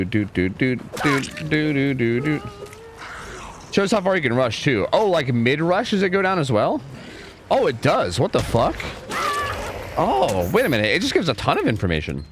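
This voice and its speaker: A man's voice: mid-range voice, wildly swooping pitch, brisk, over music. A young man streaming a game, chatting casually, rambling with lots of filler words and swearing when frustrated. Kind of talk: casual live gameplay commentary. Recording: clear background noise under the voice.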